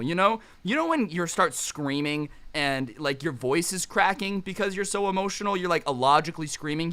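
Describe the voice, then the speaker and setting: Bright-voiced sarcastic storytime guy. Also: fairly high pitch, clear, resonant tone. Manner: sarcastic, joking asides. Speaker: storytime vlogger. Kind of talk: casual storytelling.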